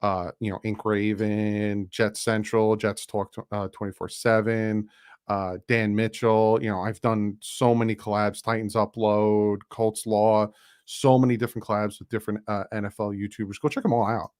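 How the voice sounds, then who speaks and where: Man, fairly low voice, casual live stream host, chatty and loose, reads donations and sponsor plugs. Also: level tone, normal speed, darkish tone, smooth. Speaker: YouTube streamer and channel host.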